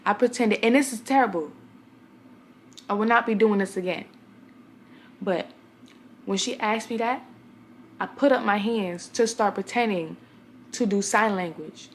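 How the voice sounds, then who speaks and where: A woman's voice: mid-range voice, unhurried, long pauses, slight background noise. Blunt, chatty young woman vlogger. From Brooklyn, New York. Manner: chatty, blunt storyteller addressing viewers directly. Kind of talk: casual talk to camera.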